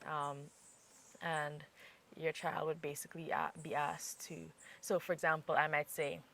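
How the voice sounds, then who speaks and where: Bright-toned woman patiently quizzing learners. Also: sits low, flat delivery. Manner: patient, quizzing, slow repeated examples. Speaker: Mandarin teacher and podcast host. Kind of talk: instructional podcast chat.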